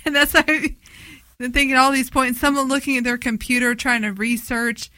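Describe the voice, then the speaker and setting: Female co-host, bright tense tone, dry close sound, playful and giggly. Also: high voice, steady tone, normal speed, no echo. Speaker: podcast co-host. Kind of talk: casual chat.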